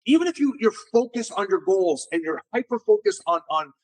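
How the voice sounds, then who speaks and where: This middle-aged entrepreneur, interviewed as a guest, tells stories casually and animatedly, often repeating words when he restarts a thought. His voice sits high and moves a little fast.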